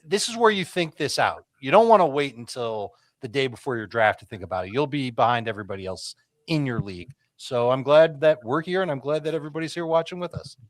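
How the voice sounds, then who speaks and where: A man co-hosting a fantasy football show, explaining in an earnest, steady way why fans should plan ahead. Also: medium pitch, fast, no room sound. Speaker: co-host, analyst. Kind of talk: studio sports talk show.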